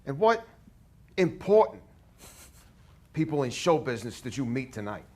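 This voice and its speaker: An actor in an acting class playing a skeptical man with a thick, over-the-top New York accent, slow and loud. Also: medium pitch, big pitch swings, pitched above the performer's own voice. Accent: New York (put on). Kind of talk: scene study acting.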